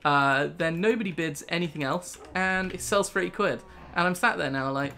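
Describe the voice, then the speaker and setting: A man's voice: sits high, lively intonation, quick pace, few pauses, sharp tone, slight background noise. A young British man hosting a casual gaming video, rambling through a story with laughs. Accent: British English. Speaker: gaming channel host. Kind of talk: casual let's play chat.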